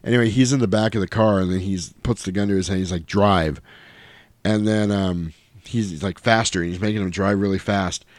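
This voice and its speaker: A man casually recapping a movie in chat, animated and swearing, mimicking the characters' lines in high silly voices. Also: fast talker, no room sound. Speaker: podcast host recapping a film.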